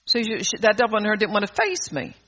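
A woman preaches in a bright, tense voice, emphatic and scolding as she presses the congregation. The sermon is caught on a dull, lo-fi recording. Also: mid-range voice, sing-song, fast, husky.

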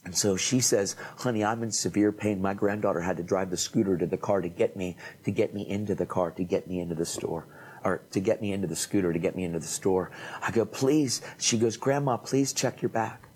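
A man preaching, telling an animated testimony story and acting out the people in it. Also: sits low, quick pace, low-quality recording. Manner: animated storytelling, acts out quoted voices. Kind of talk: emotional testimony.

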